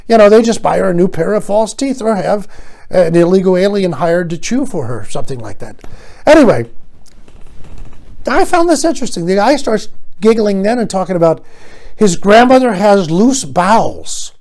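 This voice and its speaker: Older guy doing a rambling sarcastic comedy rant, gets loud then goes quiet and mutters. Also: high-pitched, creaky. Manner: rambling, sardonic storytelling. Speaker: host. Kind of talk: comic monologue.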